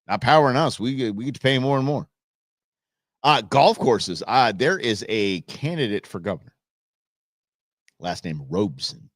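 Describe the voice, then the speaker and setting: This live talk show host has a fairly low-pitched voice, recorded with no room sound. His casual political commentary is rambling and sarcastic, and he restarts often.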